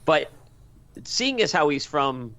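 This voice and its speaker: A man co-hosting a podcast in casual chat, telling a story in a wry, animated way. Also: fairly high pitch, slow, a crowd in the background. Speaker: podcast co-host.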